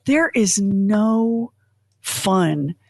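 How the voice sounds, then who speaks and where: A woman's voice: medium pitch, expressive, extremely slow, gravelly, no room sound. Chatty woman podcast host, dry sound. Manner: chatty, rambling, self-deprecating. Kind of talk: casual chat.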